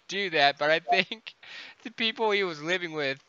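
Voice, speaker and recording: A man's voice: sits high, a little slow, sharp tone, clean tone, dry recording. A young man in casual chat with a friend, giggling and swearing as he recalls a story. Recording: dry dull lo-fi audio.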